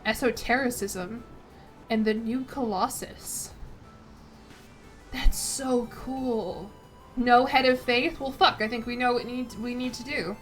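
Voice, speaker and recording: A woman's voice: a little high, steady tone, moderate pace, a bit bright, faint music behind. A woman streaming a strategy game, reading the game text aloud, stumbling over words, swearing and chatting with lots of "like". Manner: chatty asides with frequent "like". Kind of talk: casual gameplay commentary.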